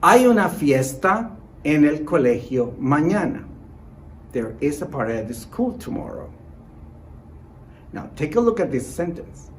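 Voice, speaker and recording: Male language teacher for an online lesson, animated intonation, upbeat encouragement, clear model sentences, faint room noise. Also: on the high side, unhurried, pauses often, low-quality recording. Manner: encouraging, repeats short praise and reassurance. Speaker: Spanish teacher.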